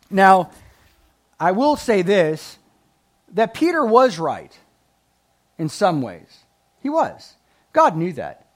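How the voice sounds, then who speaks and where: A man with a high-pitched voice preaches a sermon. His pitch leaps around as he swings from loud, emphatic lines to quiet asides. He reads scripture and laughs at his own jokes. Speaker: pastor.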